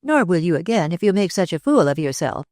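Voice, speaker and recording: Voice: mid-range voice, very animated, fairly quick, darkish tone, dry recording, studio quality, natural voice. A narrator voicing a stern, domineering middle-aged aunt who speaks sharply and with scorn. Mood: scornful.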